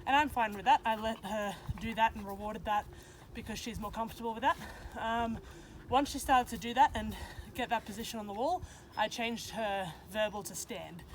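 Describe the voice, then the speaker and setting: A woman's voice: fairly high pitch, normal speed. A woman teaching a dog trick in casual chat, breaking off to praise and cue her dogs. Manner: chatty, breaks off to praise dogs, beeping cues. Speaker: dog trainer. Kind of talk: casual instruction while training dogs. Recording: noisy outdoor recording.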